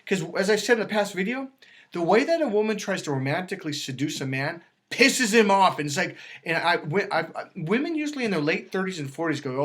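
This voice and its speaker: A man talking as a dating coach, emphatic and lively, acting out quoted voices as he explains. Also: high voice, a little fast. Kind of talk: animated coaching talk.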